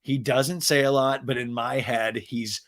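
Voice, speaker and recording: Give me a rambling, profane male podcast host with a bright, gravelly voice. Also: mid-range voice, steady tone, measured pace. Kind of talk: comedic reality TV recap.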